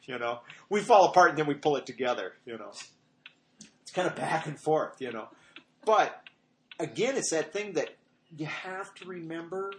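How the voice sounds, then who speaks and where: A man's voice: a little high, animated, moderate pace. A middle-aged man giving an informal sermon, rambling through personal stories and acting out what people said. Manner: conversational, rambling, acts out quoted lines in a raised voice. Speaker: pastor. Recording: echoey room with faint noise.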